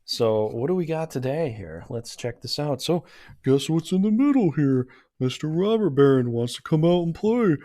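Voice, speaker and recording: A man's voice: fairly high pitch, lively intonation, normal speed, mellow, no room sound, studio quality. A man doing a casual tarot reading who rambles, talks himself in circles and gets easily flustered. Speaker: tarot reader.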